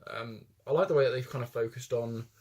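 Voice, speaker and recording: A man's voice: mid-range voice, brisk, darkish tone. A young man co-hosting a casual film podcast, rambling with many restarts. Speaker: podcast co-host.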